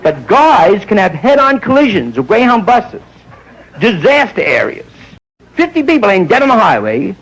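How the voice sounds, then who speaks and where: A man's voice: high voice, wildly swooping pitch, moderate pace, fairly bright tone, slightly rough, rough recording. A man around forty doing an improvised stand-up monologue, rambling and digressive, with muttered asides. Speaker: stand-up comedian.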